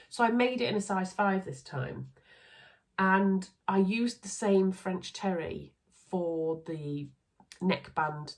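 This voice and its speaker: Low-pitched Yorkshire woman, chatty and upbeat, casual vlog host. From Yorkshire, England. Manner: chatty, upbeat, talks through sewing makes with asides. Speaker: sewing vlogger. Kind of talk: casual chat.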